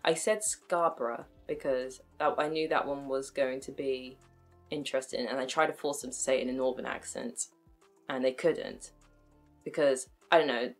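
A woman's voice: very deep voice, fairly even intonation, moderate pace, faint music behind. A woman, talking frankly to camera in a chatty, self-mocking way. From United Kingdom. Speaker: vlogger. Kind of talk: casual commentary to camera.

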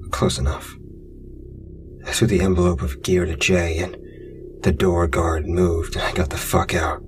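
A man's voice: deep voice, little pitch movement, unhurried, long pauses. A man narrating a true scary story in the first person, blunt, profane and wry. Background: music.

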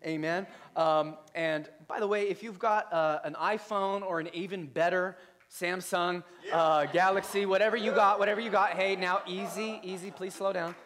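A man's voice: high voice, steady tone, moderate pace, fairly bright tone. A male pastor giving a casual sermon to his church, playful and chatty, joking with the congregation. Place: church service.

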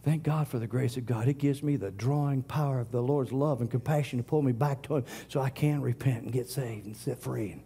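A middle-aged man preaching a sermon, swinging from loud declarations to hushed whispers. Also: mid-range voice, fairly quick, hardly any pauses, breathy edge. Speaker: pastor.

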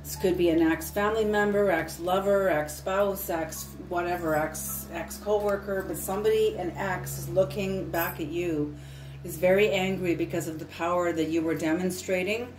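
Doing an intuitive tarot reading, this woman speaks at normal speed in a fairly low pitch with fairly even intonation. Earnest and emphatic, she repeats points and sometimes swears, recorded roomy and distant with soft music behind her.

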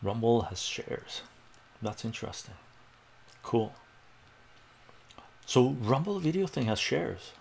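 A man's voice: mid-range voice, very animated, takes it slowly, creaky, pauses often, slight background noise. A man on a livestream, telling a rambling personal story and chatting casually with viewers. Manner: rambling, acts out quoted voices, chats with viewers. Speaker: livestream math tutor.

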